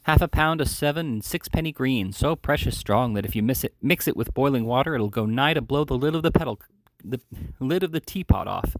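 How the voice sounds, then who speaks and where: A man's voice: mid-range voice, expressive, fairly quick, no echo, pitched above the performer's own voice, natural voice. A man reading aloud, voicing a young lad who gushes enthusiastically over a feast. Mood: gushing. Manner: gushing, enthusiastic. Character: gushing young male lad boasting over food.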